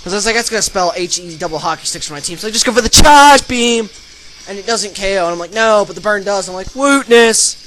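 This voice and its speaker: A young man narrating his online game battles as a channel host, energetic and breaking into loud excited shouts. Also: high-pitched, low-quality recording. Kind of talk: excited battle commentary over gameplay video. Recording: voice-over with faint background music.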